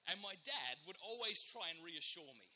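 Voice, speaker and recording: An Australian man, a father of four, telling a funny true story to an audience with lively, acted-out storytelling and loud bursts. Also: sits high, moderate pace. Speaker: speaker giving a talk. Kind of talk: comic storytelling to a live audience.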